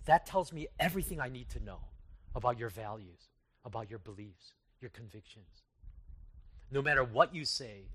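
Male pastor, sermon at a retreat, conversational and self-mocking, swings from loud to hushed. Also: medium pitch, husky.

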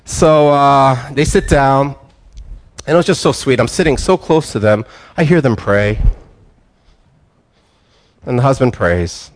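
An older man preaching a sermon, telling a story as if chatting with friends. He restarts his phrases often and drifts down into a quieter, slower voice when he prays. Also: mid-range voice, animated. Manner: conversational storytelling, with restarts and soft laughs. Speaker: pastor.

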